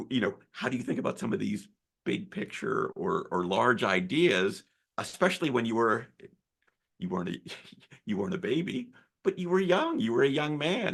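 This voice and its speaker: A man's voice: medium pitch, creaky, fairly bright tone. A man interviewing an author, asking long, hesitant questions. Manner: hesitant, halting, many fillers.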